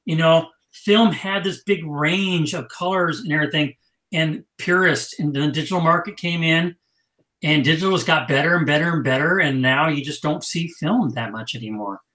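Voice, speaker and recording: A man co-hosting a casual online chat, telling stories in a lively, joking way. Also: on the high side, moderate pace, reverberant, poor audio. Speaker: podcast co-host.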